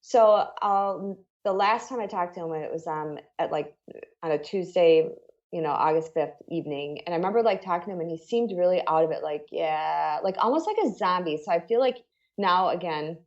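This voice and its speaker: A woman's voice: on the low side, normal speed, darkish tone, highs cut off. A middle-aged woman telling a personal story as an interview guest, talking earnestly and conversationally with lots of "you know" and "like.".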